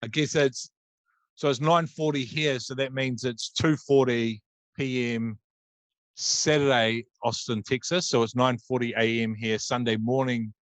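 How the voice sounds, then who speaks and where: A man's voice: mid-range voice, steady tone, a little slow, no echo. Rambling New man hosting a podcast. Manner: rambling, many ums and restarts. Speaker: podcast host. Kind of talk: casual interview chat. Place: Auckland, New Zealand.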